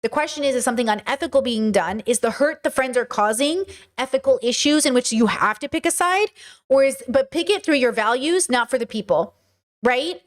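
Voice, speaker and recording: A woman's voice: sits high, expressive, a little fast. A woman hosting a livestream, answering viewers' chat questions in an earnest, emphatic way.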